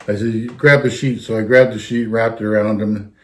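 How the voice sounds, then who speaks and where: A retired fire captain rambles through an anecdote in casual conversation, circling back again and again with "anyhow." His voice is on the low side, his delivery flat and brisk.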